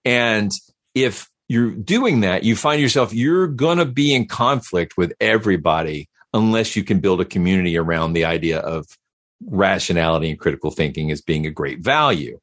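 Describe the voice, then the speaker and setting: A man talking casually as a podcast guest, animated and given to repeating words as he starts a thought. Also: sits low, moderate pace, no room sound, clean studio sound. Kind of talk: casual conversation.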